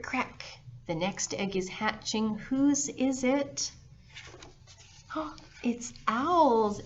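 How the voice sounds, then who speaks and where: A woman librarian reading a picture book aloud to young children at storytime, gentle and animated with gasps and sound effects. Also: on the high side. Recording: slightly dull lo-fi sound with faint noise.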